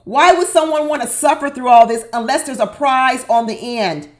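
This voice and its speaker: High-voiced sassy woman recapping reality TV. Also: moderate pace. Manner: sassy, exasperated, emphatic repetition. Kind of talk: opinionated reality TV commentary.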